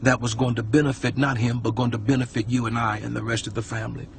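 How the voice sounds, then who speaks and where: A man's voice: medium pitch, level tone, fast, creaky, slight background noise. A man preaching a testimony sermon, fervent and near tears, retelling a story with repeated quoting.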